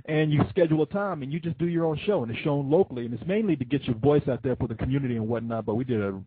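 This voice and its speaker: A man's voice: medium pitch, very fast, breathy edge, dry recording. A man hosting a call-in show, chatting loosely and joking with callers, swearing freely. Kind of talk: casual call-in chat. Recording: tinny phone-line sound.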